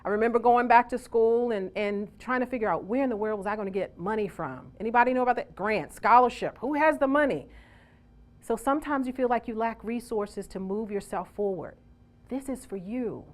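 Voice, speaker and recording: A woman speaking as a seminar coach, giving an energetic motivational talk to a live audience that she calls on to respond. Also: a little high.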